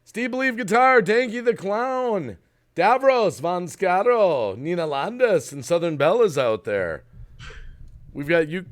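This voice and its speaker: A man with a high, expressive voice hosts a relaxed live stream, speaking without hurry. He jokes around and reads out viewers' names, greeting them over a video call.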